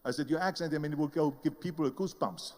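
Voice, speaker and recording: Older man with German accent, booming hall. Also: racing, darkish tone. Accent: Austrian German. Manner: storytelling, emphatic, acts out quoted voices. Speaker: motivational speaker. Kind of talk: motivational speech.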